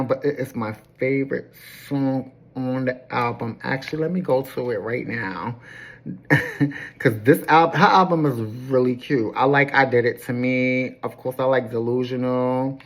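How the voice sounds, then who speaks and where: A woman giving a casual, sassy recap of a reality episode, gossipy and dramatic, calling people honey. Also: rumbling low. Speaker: recap host.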